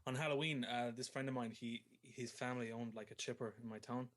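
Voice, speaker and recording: A man's voice: mid-range voice, steady tone, fairly quick, a bit bright. A young man with an Irish accent, co-hosting a casual online radio talk show and joking and swearing his way through the chat. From Ireland.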